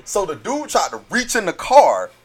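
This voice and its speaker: A man in his thirties telling a story in casual chat, animated, acting out the voices and swearing freely. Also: high voice, moderate pace. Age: 30s.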